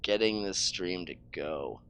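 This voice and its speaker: A man's voice: low-pitched, expressive, unhurried, fairly bright tone, smooth. A man streaming a game live, ranting in frustration and swearing freely. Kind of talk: casual live-stream talk.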